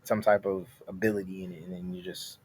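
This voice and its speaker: A man co-hosting a podcast in casual chat, telling animated stories and repeating his words as he builds a point. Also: low voice, fast talker, a little hiss or hum. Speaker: podcast co-host.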